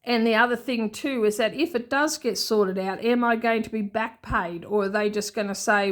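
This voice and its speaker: An Australian woman talks to camera in a casual, unscripted vlog. Her voice sits a little high, and she rambles along with restarts and small asides. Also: moderate pace, hardly any pauses. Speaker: budgeting vlogger.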